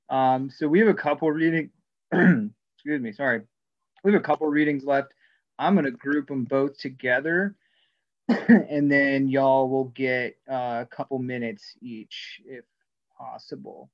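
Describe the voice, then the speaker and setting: Guy running an online meeting, chill and easygoing, dull lo-fi call sound. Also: mid-range voice. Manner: easygoing, apologetic, laughs easily. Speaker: meeting chair. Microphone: video call.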